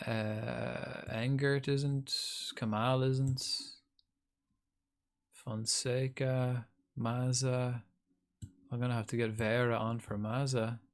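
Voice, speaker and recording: A man's voice: medium pitch, flat delivery, slow pace. A man streaming a game live, chatting casually and rambling to his viewers. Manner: rambling, chatty, talks to chat by name. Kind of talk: casual live-stream chat while gaming.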